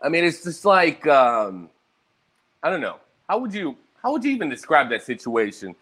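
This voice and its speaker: A young man in a loose, profane ramble, tired and a bit hungover. His voice sits somewhat high and swings widely as he tells his stories. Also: moderate pace, husky. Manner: profane, rambling, animated storytelling. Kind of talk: casual rambling monologue.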